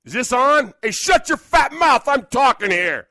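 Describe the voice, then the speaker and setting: Brief: high, lively male voice snapping at someone to be quiet, dry clip. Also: a little slow, no echo.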